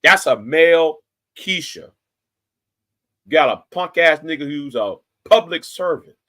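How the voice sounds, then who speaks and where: A man's voice: on the high side, lively intonation, measured pace, bright, forceful tone. A man in his forties giving a confrontational, threatening rant straight to the camera, profane and repeating himself for emphasis. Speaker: YouTube commentator. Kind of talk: angry direct-to-camera rant.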